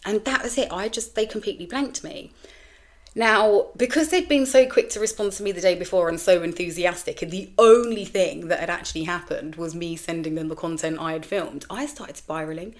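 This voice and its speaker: A middle-aged woman telling a candid story as a podcast host, animated and sweary, acting out quoted voices. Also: lowish voice, a little fast. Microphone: camera with mic, solo recording.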